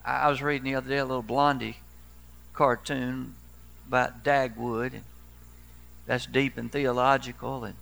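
A man's voice: mid-range voice, level tone, normal speed, vocal fry, pauses often, a bit bright. A man in his sixties, a pastor preaching a sermon in a folksy storytelling way with dry humor.

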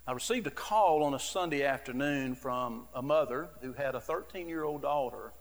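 A mid-range male voice at a moderate pace fills a large hall as a middle-aged associate pastor preaches. His manner is earnest and storytelling, conversational, with many a "you know."

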